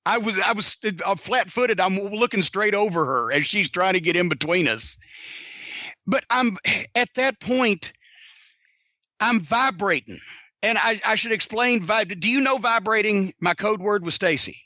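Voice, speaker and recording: A man's voice: high-pitched, expressive, a little slow, sharp tone, dry recording. A middle-aged man telling a heated, profanity-filled story on a podcast. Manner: heated, cursing constantly, Southern drawl. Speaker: podcast host.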